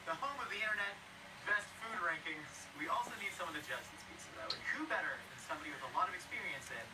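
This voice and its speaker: A man's voice: high voice, animated, fast, distant mic, noisy background. A man host delivering a scripted show intro in an upbeat presenter manner.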